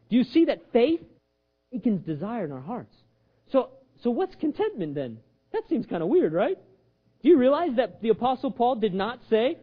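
A man's voice: very high-pitched, brisk, muffled recording. A man preaching a sermon as pastor, acting out the voices he quotes and joking along the way. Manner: animated, acts out quoted voices, jokes with audience.

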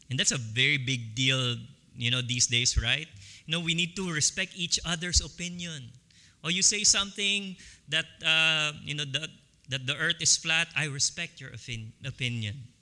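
A man preaching a sermon as pastor, slow and emphatic, repeating key phrases for stress. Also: on the high side, sharp tone, long reverb tail.

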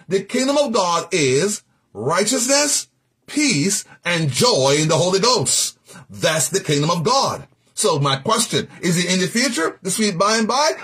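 A man's voice: sits high, a bit bright, husky. A man teaching a sermon as a Bible teacher, emphatic, repeating key phrases and asking the listener questions.

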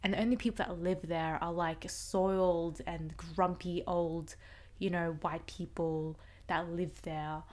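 A woman's voice: on the low side, steady tone, a little slow. A young woman with an Australian accent, chatting casually about a film. Her talk is loose and opinionated, with plenty of "like" fillers. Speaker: podcast co-host. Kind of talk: casual film-review chat.

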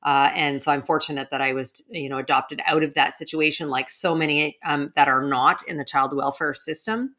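Woman, middle-aged, low voice, podcast guest, earnest, reflective, restarts sentences. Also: steady tone, normal speed, hardly any pauses, bright, forceful tone. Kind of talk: interview conversation.

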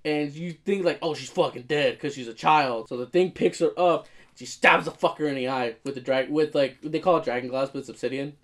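A man telling a story in casual podcast chat, excitable and swearing constantly. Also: on the high side, brisk. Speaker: podcast co-host.

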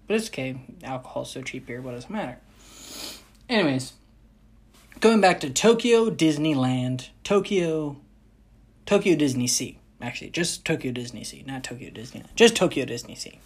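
A woman's voice: rumbling low, animated, normal speed, husky. A young woman vlogger chatting casually, rambling with frequent restarts and self-corrections. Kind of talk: casual chat.

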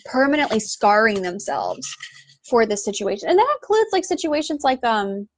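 A woman's voice: fairly high pitch, sing-song, moderate pace, no echo. A woman hosting a casual podcast, ranting in an exasperated, sarcastic way with lots of "like". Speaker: podcast host.

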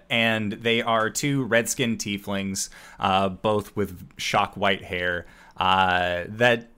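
A man narrating a tabletop game as game master, his voice sitting fairly low. He talks slowly and stops often to fill gaps with filler sounds. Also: bright, forceful tone, clear, resonant tone. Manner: halting, many filler sounds.

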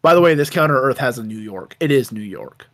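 A man's voice: mid-range voice, lively intonation, fairly quick, fairly bright tone. A man co-hosting a casual chat, animatedly retelling a cartoon with lots of swearing. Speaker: podcast co-host.

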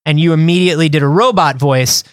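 Higher-voiced man rambling on a dry podcast. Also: quick pace, clean tone, no echo. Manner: rambling, loose, filler-heavy phrasing. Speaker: podcast co-host. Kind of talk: casual comedic chat.

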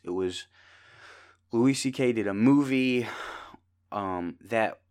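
A man's voice: lowish voice, smooth. A young man hosting a podcast alone, telling rambling jokey stories in a tired, casual way. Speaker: podcast host. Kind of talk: casual solo podcast chat.

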